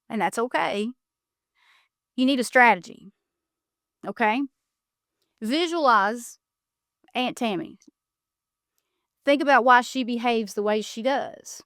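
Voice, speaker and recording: Woman podcast host, smooth and clear, slightly high, blunt advice delivery, dry close mic. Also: fairly bright tone, no room sound. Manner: direct, emphatic, gives blunt advice.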